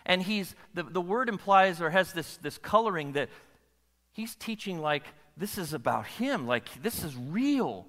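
A pastor gives an animated sermon with a bright, forceful voice pitched a little above the usual for a man. He keeps checking in with his listeners, and long reverb trails his words through the hall. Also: measured pace. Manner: animated, asks the audience questions.

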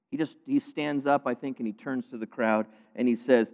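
Animated male preacher in a reverberant hall. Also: medium pitch, quick pace, hardly any pauses. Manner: animated preaching, swings between loud emphasis and quiet asides. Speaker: pastor. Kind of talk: sermon. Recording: phone-like sound with long hall reverb.

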